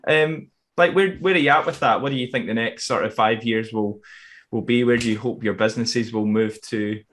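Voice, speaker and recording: A man hosts a podcast interview in a relaxed, chatty way. He often stumbles and repeats words before asking his question, his voice sitting at a middling pitch. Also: normal speed. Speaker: podcast host.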